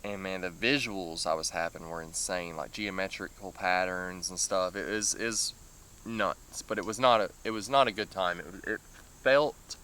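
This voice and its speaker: Rambling man with a bright voice. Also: low-pitched, moderate pace, slight background noise. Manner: rambling, full of "like" fillers, nervous laughs. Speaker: vlogger. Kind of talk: casual storytelling.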